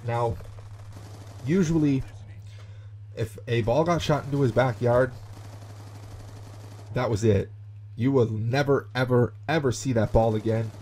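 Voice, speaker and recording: A young man narrates a tale over gameplay in a chatty, animated way, leaning on fillers as he goes. His voice is warm and mellow, sitting at an ordinary middle pitch. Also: measured pace, pauses often, a little hiss or hum. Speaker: gaming YouTuber. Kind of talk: storytelling commentary over gameplay.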